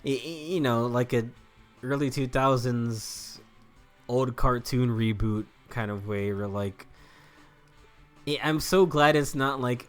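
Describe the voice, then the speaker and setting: A man's voice: mid-range voice, expressive, a little slow, smooth. A young man giving casual, joking let's-play commentary, rambling and laughing at himself. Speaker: gameplay commentator. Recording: faint game music behind.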